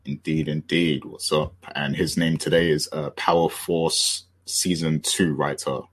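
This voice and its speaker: Very deep-voiced husky British man. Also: a little slow. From Britain. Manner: relaxed and rambling, many fillers and restarts. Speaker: podcast host. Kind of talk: casual podcast chat.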